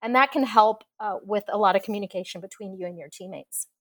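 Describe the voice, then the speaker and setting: A woman engineer guest on a podcast interview, talking in a passionate, expressive way and laughing often. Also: medium pitch, quick pace, no room sound. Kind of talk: casual interview conversation.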